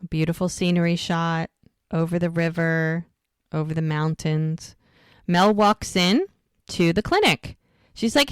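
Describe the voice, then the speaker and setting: A woman co-hosting a rewatch podcast, casually retelling scenes and quoting the characters in quick bursts. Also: fairly low pitch, clean tone, no echo, clean studio sound. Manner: chatty, quotes characters in quick lively bursts. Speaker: podcast co-host recapping episodes.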